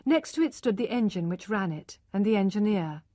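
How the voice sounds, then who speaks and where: A woman's voice: medium pitch, sing-song, a little fast, warm tone, dry recording. Give me a woman reading a learner audiobook steadily, with a dry close sound. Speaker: narrator. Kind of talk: scripted audiobook narration for learners.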